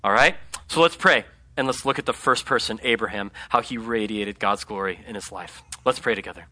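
A pastor with a lowish voice preaches a conversational sermon at a brisk pace. He's animated and keeps checking in with his congregation, often asking them "right?"

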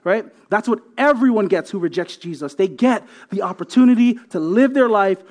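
Guy preaching a sermon, pretty high voice, punchy, keeps saying right? and repeating himself. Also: lively intonation, normal speed. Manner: emphatic, tags many points with "right?"; repeats words while building a point. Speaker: pastor.

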